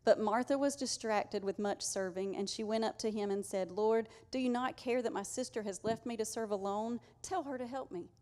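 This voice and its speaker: A woman's voice: on the high side, normal speed, few pauses, a little mellow. A woman preaching a conversational, earnest sermon to her congregation. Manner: conversational, earnest, uses y'all.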